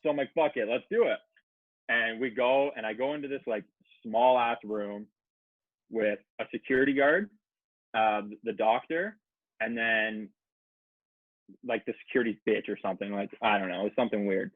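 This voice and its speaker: A man's voice: lowish voice, normal speed, long pauses, no echo. A man telling a long, profane story in casual podcast chat, full of quoted back-and-forth and filler words. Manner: profane, rambling anecdote with acted-out quotes. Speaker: podcast guest. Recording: dry, phone-like narrow sound.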